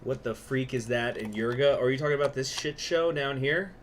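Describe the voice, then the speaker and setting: A man's voice: mid-range voice, a little fast, slight background noise. A man hosting a casual gaming livestream, talking to himself about plans and swearing now and then. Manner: talks to himself, muttering plans, occasional swearing. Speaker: host.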